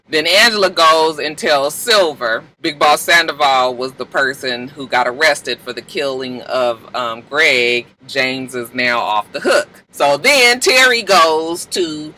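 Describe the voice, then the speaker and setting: A man casually recapping a TV episode, animated and slangy, acting out the characters' lines. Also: mid-range voice, a little slow, few pauses, a little hiss or hum, poor audio. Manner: slangy, profane. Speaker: TV recap vlogger.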